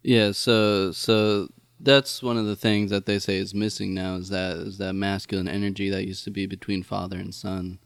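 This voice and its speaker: A man on a comedy podcast explaining the topic in a relaxed, rambling way, with plenty of filler words. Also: low voice, normal speed, vocal fry, hardly any pauses, clean tone, dry recording, studio quality. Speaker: podcast co-host presenting the topic. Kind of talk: casual comedy podcast chat.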